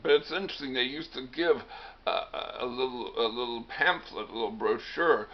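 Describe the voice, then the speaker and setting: A man's voice: medium pitch, moderate pace. A man hosting a rambling comedic monologue, full of wry self-deprecating asides. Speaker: host. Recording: dull lo-fi recording.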